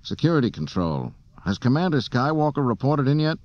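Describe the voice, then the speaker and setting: A man's voice: medium pitch, sing-song, brisk, no echo, lo-fi sound, voice pushed up, lightly acted. A man voicing a brash, impatient male starship captain in an audiobook, speaking curtly. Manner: curt and snappish.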